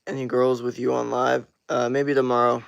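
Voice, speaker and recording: A man's voice: mid-range voice, level tone, normal speed, creaky, smooth. A man in his twenties livestreaming, chatting casually with his viewers and reacting to comments with frequent swearing. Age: 20s. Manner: laid-back, swears a lot, reacts to chat. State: just out of the shower.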